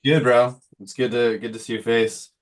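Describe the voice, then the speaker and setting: A man's voice: medium pitch, flat delivery, moderate pace. A man guest chatting casually in a laid-back way, calling people bro and man. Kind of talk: casual chat.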